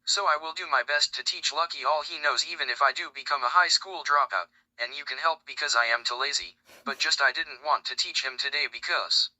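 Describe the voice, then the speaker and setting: A man with a somewhat high, very bright and tense voice reads a story straight through in an even manner. The sound is dry and close. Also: fairly quick, hardly any pauses, no room sound, rough recording. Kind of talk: story read-aloud.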